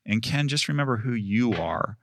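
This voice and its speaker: A man voicing a patient, gracious male deity who reasons gently. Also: medium pitch, expressive, normal speed, dry recording, studio quality. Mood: calm pleading.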